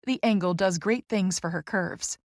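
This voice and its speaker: A woman narrating a first-person romance audiobook in a lively, expressive way. Her pitch sits mid-range, and the close, dry sound carries no room around it. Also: normal speed, no room sound.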